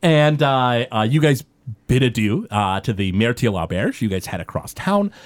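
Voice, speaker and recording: A man's voice: medium pitch, sing-song, normal speed. A man narrating a tabletop role-playing game as game master, in a loose way with many fillers.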